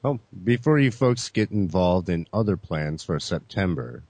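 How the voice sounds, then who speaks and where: A man's voice: low-pitched, expressive, moderate pace, a little mellow, no room sound. A man hosting a gaming podcast in casual chat, laid-back, calling listeners "folks" and leaning on "you know". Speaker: podcast host.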